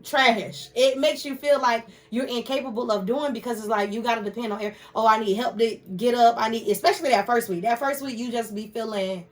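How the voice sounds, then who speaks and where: A woman's voice: a little high, brisk, few pauses, recorded from a distance. A woman guest speaking frankly and chattily in a candid casual conversation.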